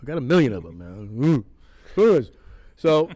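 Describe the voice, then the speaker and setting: A man in his sixties, a podcast guest spinning casual anecdotes. He swears freely and breaks into laughs mid-story. His voice sits at a middle pitch and sounds dry and close. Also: very animated, moderate pace, dark tone, dry recording. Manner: profane, laughs through his stories. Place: haunted attraction venue.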